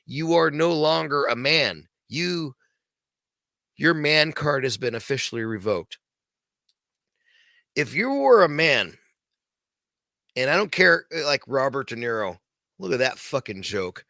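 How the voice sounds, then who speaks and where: Bright-voiced man ranting, profane and rambling. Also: on the high side, very animated, unhurried, vocal fry, pauses often, no room sound, studio quality. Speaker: podcast host. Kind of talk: casual late-night rant.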